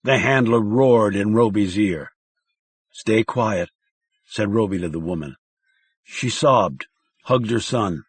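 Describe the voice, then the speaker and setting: A man reading a thriller audiobook in a measured, dramatic narration style. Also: lowish voice, husky, no echo.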